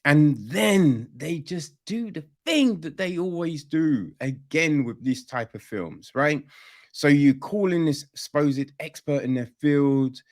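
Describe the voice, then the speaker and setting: Animated, rambling male podcast reviewer. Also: on the high side, slow. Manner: animated, rambling, swears freely. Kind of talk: casual film critique chat.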